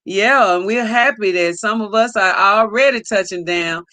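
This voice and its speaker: Brief: woman host, bright, unhurried delivery, dry close mic, warm shout-outs to chat. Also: mid-range voice, no echo. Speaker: livestream host. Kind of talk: casual livestream greeting viewers.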